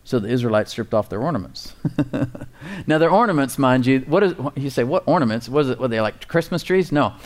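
A man in the middle of a conversational sermon, speaking at an average pitch. He teaches like a pastor addressing his Bible school students, rising sharply on the words he wants to stress and chuckling now and then. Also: brisk. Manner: animated, emphatic, chuckles at his own points.

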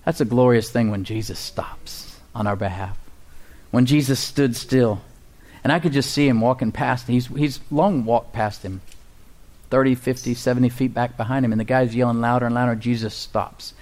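A male pastor preaching an emphatic sermon to his congregation, with a mid-pitched voice. He keeps asking the room questions, his voice climbing for dramatic quotes and sinking quiet for reflective moments. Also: a little fast. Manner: emphatic, rises high for quoted cries and drops low and soft for stillness.

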